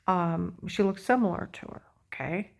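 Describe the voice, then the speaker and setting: A woman's voice: lowish voice, normal speed, vocal fry. A woman talking in a rambling, agitated personal monologue, full of fillers and repeated check-ins. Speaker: vlogger.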